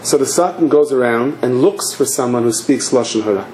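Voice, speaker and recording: A rabbi tells a story in a sermon at a fast clip and throws himself into every scene. His speech rings in an echoey hall, and a faint hiss sits behind it. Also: medium pitch. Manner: animated, acting out the story.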